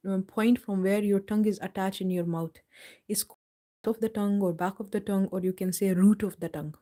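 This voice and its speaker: A woman teaching Quran recitation in a live online lesson, explaining patiently step by step and slowly drawing out each example word. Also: mid-range voice, dark tone.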